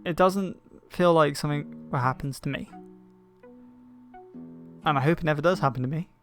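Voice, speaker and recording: Gravelly, choked-up man rambling. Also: on the high side, normal speed, fairly bright tone, soft background music. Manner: hesitant, searching for words. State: emotional, choked up. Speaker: video creator. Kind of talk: personal rambling monologue. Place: bedroom, in bed.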